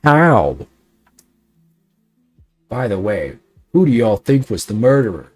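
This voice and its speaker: Husky-voiced male streamer. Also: fairly low pitch, expressive, normal speed, mellow, no echo, faint music behind. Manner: playful, reacting with mild swearing. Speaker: VTuber streamer. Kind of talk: reading a game aloud on stream.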